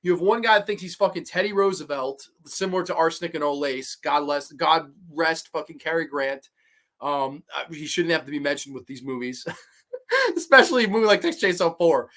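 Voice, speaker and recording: A man's voice: fairly high pitch, lively intonation, fairly quick, a bit bright. A man hosting a livestream, giving casual and profane commentary on horror films while reacting to chat.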